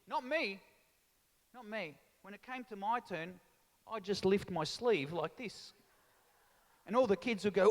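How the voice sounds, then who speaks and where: A man from Australia, raised by Italian parents, telling animated stand-up stories. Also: sits high, measured pace, pauses often. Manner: animated storytelling with mimicry. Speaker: stand-up comedian. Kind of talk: stand-up comedy routine. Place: large town hall before a live audience. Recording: echoing town hall reverb.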